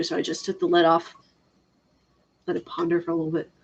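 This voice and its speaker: A woman's voice: lowish voice, level tone, fast, creaky, long pauses, slightly rough. Giggly woman chatting on a game stream. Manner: chatty, giggly, reads chat aloud. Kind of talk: casual live-stream chat about games.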